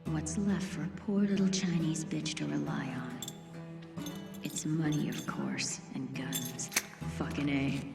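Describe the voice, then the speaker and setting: An actress voicing a foul-mouthed, cynical young female gunslinger in an anime dub, rough and profane. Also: deep voice, steady tone, unhurried. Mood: bitter. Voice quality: gravelly, profane, tough. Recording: echoey clip, distant, music behind.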